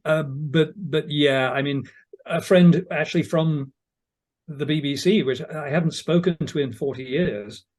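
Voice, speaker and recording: A man's voice: a little high, a little slow, a little mellow. An older British man, an audiobook narrator, telling stories in a casual, self-deprecating interview chat. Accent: British English. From England. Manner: chatty, anecdotal, self-deprecating.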